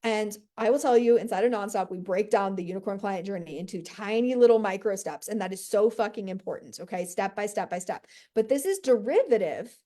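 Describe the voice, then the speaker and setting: A woman business coach in a brash, profane, high-energy motivational monologue, full of "like" and "right?". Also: expressive, brisk, few pauses, mellow.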